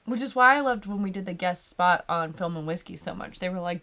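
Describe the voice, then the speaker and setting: Co-hosting a live whiskey tasting, a woman chats casually with a medium-pitched, animated, slightly bright voice. She talks a little fast with hardly any pauses, laughs often and talks over her co-host.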